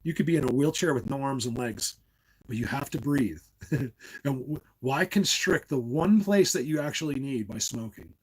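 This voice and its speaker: A middle-aged man from New Jersey hosts a livestream, chatting casually with viewers, drifting from one tangent to another and laughing often. His mid-range voice is animated and breathy at a normal pace, and the recording quality is low.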